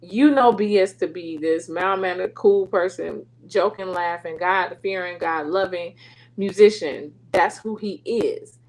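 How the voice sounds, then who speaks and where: Middle-aged woman, faith show host, chatty and animated storytelling, laughs a lot. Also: fairly low pitch, unhurried, rough recording. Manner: animated, laughing, slips into dialect and quoted voices. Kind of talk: casual storytelling to listeners.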